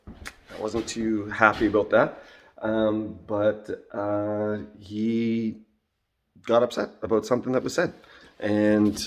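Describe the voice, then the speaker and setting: A middle-aged man telling a story and reflecting on it in a casual monologue, with lots of fillers and throat-clearing. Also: lowish voice. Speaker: vlogger and job-site supervisor.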